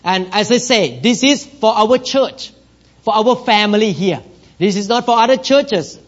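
Pastor guy w a foreign accent, high voice, simple broken english, gets loud n emphatic, muffled lo-fi church recording. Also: animated, measured pace. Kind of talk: sermon.

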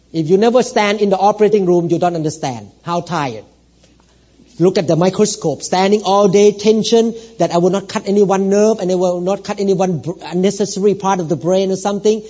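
A middle-aged man preaching a sermon as pastor, earnest, moving from hushed storytelling to loud exhortation and calling for amens. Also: high-pitched. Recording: dull lo-fi church recording.

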